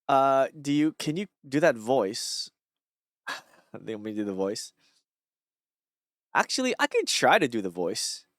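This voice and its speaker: Lively rambling man, musing. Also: medium pitch, a little slow, pauses often, no echo, studio quality. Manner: rambling, reflective, many fillers and restarts. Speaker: streamer. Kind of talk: casual solo talk reading and musing on thoughts.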